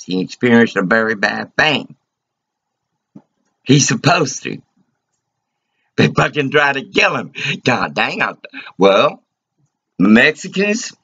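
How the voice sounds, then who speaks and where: A man rants at the camera in an agitated, profane ramble. His gravelly, husky voice drags slowly and lurches between high and low. The recording is dull and lo-fi. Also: a bit bright. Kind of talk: angry rambling rant to camera.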